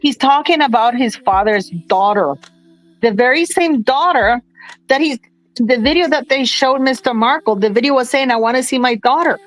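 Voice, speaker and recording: Halting, emotional woman commentator. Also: high voice, poor audio. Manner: halting, many restarts, tearful and indignant. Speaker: commentator on a livestream. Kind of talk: emotional casual chat.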